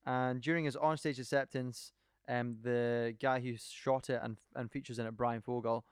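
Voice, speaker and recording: A man's voice: medium pitch, little pitch movement, moderate pace, smooth, no room sound, studio quality. A man co-hosting a podcast, enthusiastically retelling a documentary in casual chat, rambling from point to point. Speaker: podcast co-host.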